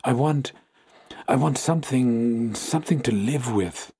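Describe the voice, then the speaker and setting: A man's voice: medium pitch, measured pace, mellow, husky. A man reading an audiobook, voicing a devoted, anguished young woman who pleads and repeats herself in grief. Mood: pleading. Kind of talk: audiobook character voice.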